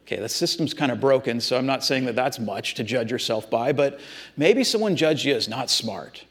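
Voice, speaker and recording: A man's voice: mid-range voice, expressive, normal speed, husky. A man preaching a sermon, talking straight to his congregation in an earnest, repetitive way. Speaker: pastor.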